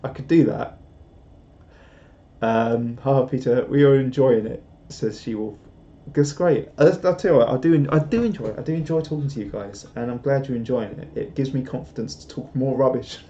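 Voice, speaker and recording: A young Englishman chats casually on a live stream, reading viewer comments, rambling, chuckling and poking fun at himself. His mellow, slightly dark voice is medium-pitched at a moderate pace, and the roomy, slightly dull sound suggests a home setup.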